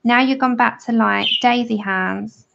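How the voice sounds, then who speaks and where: A woman's voice: fairly high pitch, measured pace, vocal fry, background noise. A woman giving a chatty, friendly drawing tutorial on a livestream. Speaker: art tutor. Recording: dull lo-fi livestream audio.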